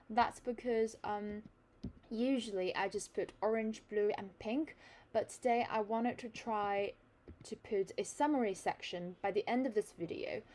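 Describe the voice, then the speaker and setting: A woman's voice: on the high side, a little mellow. A woman hosting an online reading lesson, explaining a news article to viewers in a chatty, friendly teaching manner. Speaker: host of a reading lesson channel.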